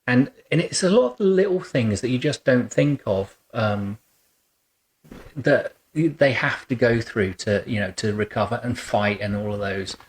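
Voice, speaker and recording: A man hosting an interview as a boudoir photographer, chatting in a warm, rambling way in his photo studio, full of fillers and restarts. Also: medium pitch. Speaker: boudoir photographer and podcast host. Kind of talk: relaxed conversational interview.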